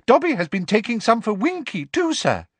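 A man reading an audiobook and voicing an eager, timid male house elf with a squeaky voice and servile manner, ending his sentences with "sir.". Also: wildly swooping pitch, moderate pace, husky, no room sound, exaggerated voice. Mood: cheerful. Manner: servile, adds "sir" to every sentence and speaks of himself in the third person. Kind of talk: audiobook character voice.

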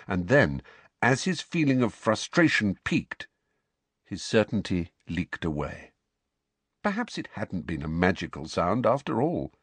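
A man reading a novel aloud as an audiobook narrator, in expressive storytelling narration. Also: unhurried, slightly rough, no room sound. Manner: expressive storytelling, rising pitch on anxious questions. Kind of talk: scripted narration.

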